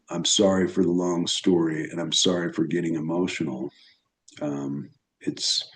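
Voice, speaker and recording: A man talking as an astrologer in an unscripted solo talk, halting and reflective, with many restarts. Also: sits low, a little mellow, low-quality recording. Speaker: evolutionary astrologer.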